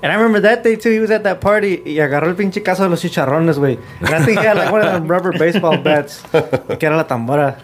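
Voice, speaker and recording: Fast-talking young man telling stories. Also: high voice. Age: 20s. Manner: laid-back storytelling, mixes in Spanish, swears freely. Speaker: guest musician. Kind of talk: casual chat.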